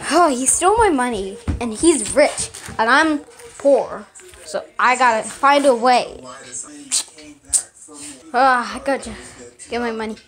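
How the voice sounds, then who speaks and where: High-voiced woman acting out a homemade cartoon. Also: lively intonation, slow, long pauses. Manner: playful, bickering back and forth between characters.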